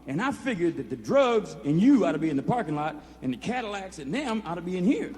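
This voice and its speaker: Recorded with reverberant 1970s film sound in a noisy prison hall, a performer tells a room of inmates a rambling, profane story. His voice sits high and is very animated, and he talks quickly in a drawl, peppering every phrase with "you know."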